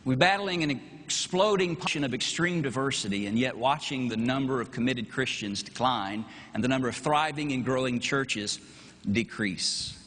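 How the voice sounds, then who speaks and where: A man's voice: mid-range voice, moderate pace, fairly bright tone. A middle-aged Texan man preaching a sermon from the pulpit, rhetorical and emphatic, his voice rising and falling for emphasis. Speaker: pastor. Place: chapel. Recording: long hall reverb in a chapel.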